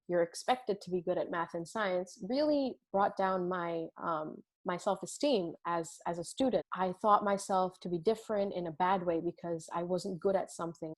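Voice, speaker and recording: A woman's voice: fairly low pitch, a little mellow. Young woman, american accent, reflective storyteller, casual podcast cohost. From India. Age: young adult. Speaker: podcast co-host. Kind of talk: casual chat.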